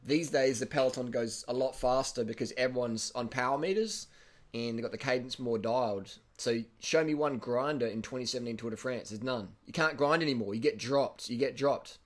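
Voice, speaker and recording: An Australian man casually commenting over race footage, blunt and excitable, swearing and repeating himself. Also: mid-range voice, a little fast. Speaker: cycling video host.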